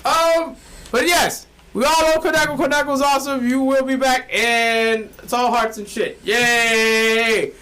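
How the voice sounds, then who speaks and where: A man co-hosting a casual podcast, excitable and jokey, laughing often. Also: very high-pitched, a little slow, a little hiss or hum. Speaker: podcast co-host. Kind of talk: casual chat.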